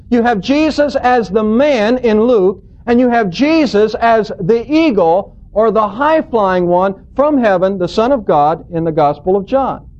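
A man's voice: high voice, a little mellow. A man preaching a sermon as a pastor, teaching through scripture in an earnest, storytelling, emphatic way. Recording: dull lo-fi recording.

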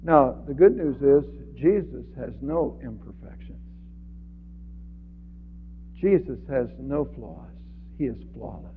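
A man preaching an earnest sermon as pastor, swinging from loud emphasis to quiet. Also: medium pitch, animated, slow, pauses often, slight background noise. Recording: phone-like radio broadcast with long reverb.

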